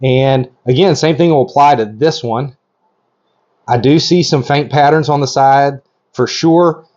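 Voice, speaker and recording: Excitable middle-aged man, slightly muffled. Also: medium pitch, unhurried. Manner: excitable, gushing, rambling with many ums. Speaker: reptile breeder. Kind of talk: casual hands-on video narration.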